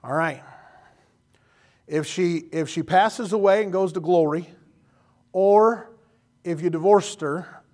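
Guy preaching, jokey folksy sermon, voice a bit on the high side. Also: slow, pauses often, a little mellow. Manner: folksy, joking asides with quoted voices. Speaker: pastor.

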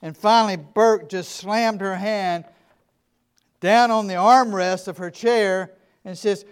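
High, clear-voiced Southern US pastor. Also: male voice, steady tone, takes it slowly. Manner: earnest, emphatic, shifts from quiet to loud. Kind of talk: sermon storytelling.

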